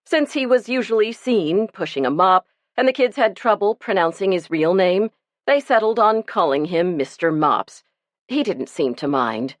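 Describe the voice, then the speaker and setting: A woman narrating an audiobook in an expressive storytelling manner. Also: lowish voice, a little slow, no echo, clean studio sound. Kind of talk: scripted narration.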